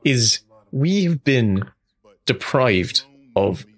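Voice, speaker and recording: A man co-hosting a film commentary podcast in casual chat, recapping the plot with quick asides. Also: medium pitch, very animated, no room sound. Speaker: podcast co-host.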